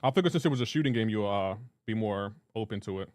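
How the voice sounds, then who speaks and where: A man's voice: lowish voice, expressive, fast, a little mellow. A young man live-streaming a game, chatting casually with his chat and teasing them in playful banter. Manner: teasing, banter-heavy, breaks into laughter.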